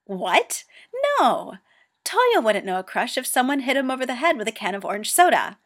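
A woman's voice: a little high, sing-song, normal speed, fairly bright tone, pitched above the performer's own voice. A woman reading a story aloud and voicing a flustered, defensive teenage boy Go player who talks in raised, indignant bursts. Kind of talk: amateur audiobook reading.

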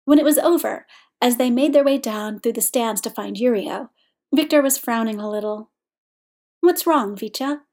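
A woman reads a story aloud as narrator, in a somewhat high voice. Her delivery is measured and even. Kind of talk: reading fan fiction aloud.

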